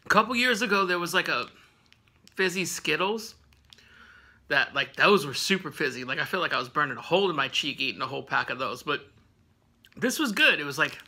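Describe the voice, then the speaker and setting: A man's voice: on the high side, expressive, brisk, pauses often, sharp tone. A man hosting a casual snack review vlog at home, rambling with lots of fillers and laughing often.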